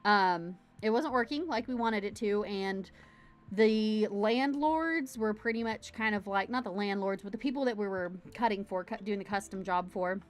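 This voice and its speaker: A woman with a medium-pitched voice speaks at normal speed while hosting a casual livestream from home. She chats straight to her camera in a bubbly, rambling way.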